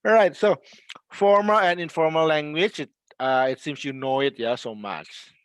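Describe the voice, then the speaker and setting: A male English teacher, running a relaxed classroom lesson, patient and chatty with fillers along the way. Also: fairly high pitch, moderate pace, clean tone, dry recording.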